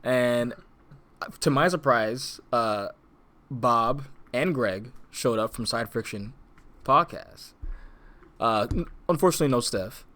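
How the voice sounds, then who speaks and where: A man's voice: medium pitch, slow pace, pauses often, sharp tone. A young man co-hosting a casual podcast, rambling with lots of fillers, restarts and laughs. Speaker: podcast co-host. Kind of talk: casual chat.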